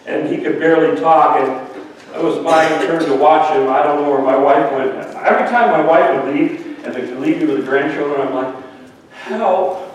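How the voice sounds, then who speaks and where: Older pastor preaching in an echoey hall. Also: male voice, on the high side, fairly quick, highs cut off, a little hiss or hum. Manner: storytelling with playful asides to the congregation. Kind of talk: sermon. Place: church sanctuary. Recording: echoey church hall from far off.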